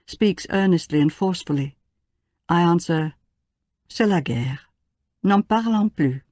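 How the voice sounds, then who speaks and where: A woman's voice: low-pitched, warm tone, dry recording. Woman reading a memoir in a dry voice. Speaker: audiobook narrator. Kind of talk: scripted first-person memoir narration.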